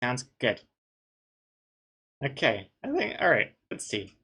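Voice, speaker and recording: A man's voice: mid-range voice, huge pitch swings, slow pace, gravelly, bright, forceful tone, husky. A man, a webcomic artist, chatting casually on a live stream, reading chat aloud with dry, joking banter and rambling restarts.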